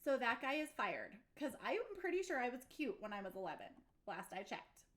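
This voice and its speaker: A woman's voice: on the high side, big pitch swings, fairly quick, a bit bright. A young adult woman hosting a casual livestream chat, bubbly and giggly, exclaiming often. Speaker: livestream host.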